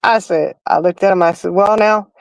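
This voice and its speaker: A middle-aged woman hosts a casual livestream chat. She tells stories in a chatty way with frequent laughter. Her voice sits a little low, and it is recorded close and dry, with no room sound. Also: brisk, gravelly, a little mellow, no echo, low-quality recording. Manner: chatty storyteller, laughing, addresses chat as y'all. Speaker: livestream host.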